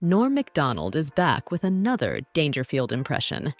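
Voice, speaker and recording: A woman reading scripted voice-over, briskly introducing each clip. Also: sits low, wildly swooping pitch, slight background noise. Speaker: narrator. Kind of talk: scripted narration.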